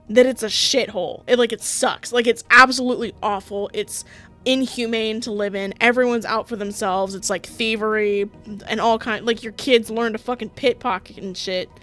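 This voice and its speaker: A woman's voice: mid-range voice, fairly bright tone. A young woman reading a visual novel aloud and reacting in casual, profane, laughing commentary. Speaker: streamer playing a visual novel.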